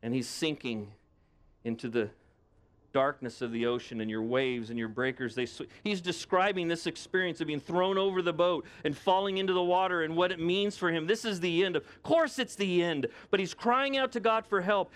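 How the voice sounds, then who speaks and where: A man's voice: fairly high pitch, moderate pace. A man preaching a sermon as pastor in a conversational way, with lots of rhetorical questions to his listeners.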